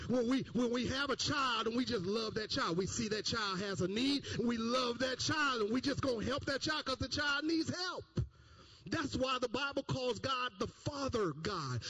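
A man's voice: very high voice, sharp tone, slight background noise. A man preaching a sermon, repeating phrases and rising into sung, chanted cadences. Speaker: pastor.

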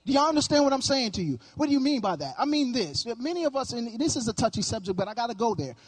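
A man's voice: very high-pitched, very animated, fast talker, husky. A male pastor preaching a sermon with emphatic, sing-song cadence and frequent repetition.

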